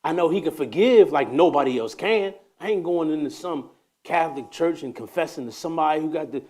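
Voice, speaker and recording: A man hosting a casual faith talk, telling a story with animated energy that slides into preaching. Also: a little high, a little fast. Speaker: host.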